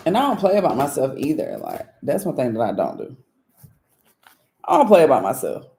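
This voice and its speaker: A woman's voice: a bass voice, huge pitch swings, brisk, dark tone. A woman hosting her channel, chatting casually and candidly with viewers, telling stories with frequent laughs and blunt, profane asides. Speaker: spiritual reader and channel host. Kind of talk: casual storytelling chat to viewers.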